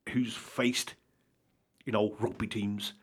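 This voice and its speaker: Man, husky, low-pitched, earnest, rambling personal account, interview. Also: little pitch movement, takes it slowly. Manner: earnest, rambling, keeps asking "do you understand?". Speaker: charity organiser telling his story.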